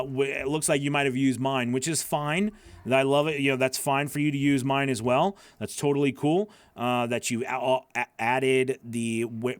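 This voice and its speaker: A man's voice: medium pitch, no echo. A man coaching voice-over artists, reviewing their work live in a chatty, encouraging way with lots of fillers.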